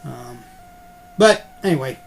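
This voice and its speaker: A man's voice: medium pitch, expressive, slow, vocal fry, a little hiss or hum. A man chatting in a rambling, casual way as he unboxes collectibles, with lots of ums and the odd curse word. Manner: rambling, filler-heavy, mildly profane. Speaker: unboxing vlogger. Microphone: computer webcam.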